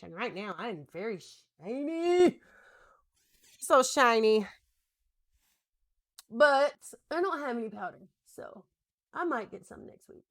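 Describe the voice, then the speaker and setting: A woman in her thirties chatting casually while she does her makeup, rambling and joking about herself, now and then talking to her husband. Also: on the high side. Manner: rambling, self-deprecating, talks to husband between steps. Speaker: makeup vlogger.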